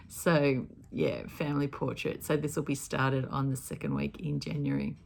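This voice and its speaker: Low-voiced chatty woman vlogging crafts. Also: sing-song, normal speed, creaky, few pauses, a little mellow. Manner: chatty, rambling, corrects herself often. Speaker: cross-stitch vlogger. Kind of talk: casual chat. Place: home craft room.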